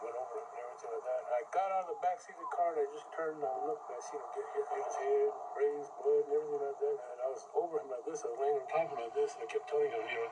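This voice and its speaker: A man's voice: mid-range voice, very fast, few pauses. A middle-aged man from Arizona, an interviewee and religious leader, telling his personal story candidly, in plain words and with vivid quoted dialogue. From Arizona, USA. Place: outdoors. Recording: distant outdoor field mic, loud background noise.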